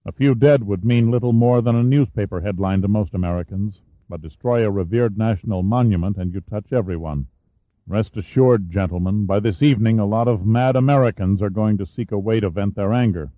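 A weary male president speaks grave, muttered lines, as a man reads him in an audiobook. The voice is low and dry. The recording sounds dull. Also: fairly quick, no echo, natural voice.

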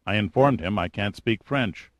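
A man's voice: lowish voice, animated, normal speed, dry recording, lightly acted. A man voicing a cocky, unflappable boat captain in an audiobook, teasing and confident. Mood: cavalier. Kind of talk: audiobook character voice.

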